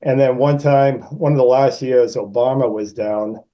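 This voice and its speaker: A man in his sixties from Massachusetts, a guest actor telling animated anecdotes and acting out the people in them. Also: normal speed, muffled recording. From Massachusetts, USA. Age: 60s. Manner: animated anecdotes, raises pitch to act out quoted people. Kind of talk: casual storytelling.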